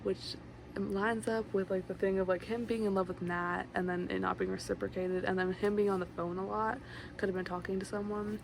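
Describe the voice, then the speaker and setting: Creaky-voiced young woman chatting over fan noise. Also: medium pitch, little pitch movement, a little fast. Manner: rambling, lots of "like" fillers, chatty asides. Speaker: book vlogger. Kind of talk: casual book summary to camera. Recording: noisy room with a fan running.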